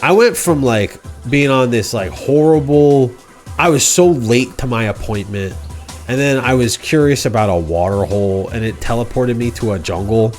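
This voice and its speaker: A man's voice: medium pitch, moderate pace, faint music behind. Goofy rambling man hosting a stream. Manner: goofy, slangy, rambling with frequent restarts. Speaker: livestream host. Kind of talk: casual rambling storytelling on a game stream.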